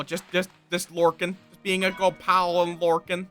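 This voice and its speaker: A man's voice: sits high, completely flat delivery, moderate pace, pushed and bright, clean tone, soft background music. A man casually streaming a game, rambling playfully, joking at his own expense and chatting with viewers. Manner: rambling, playful, self-deprecating, chats with viewers. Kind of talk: casual livestream chat over gameplay.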